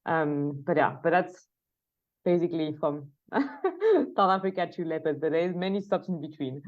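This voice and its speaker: French-accented woman, lowish voice, muffled audio. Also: lively intonation, a little slow. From France. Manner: many fillers and restarts, laughs easily. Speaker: guest researcher. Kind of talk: podcast interview.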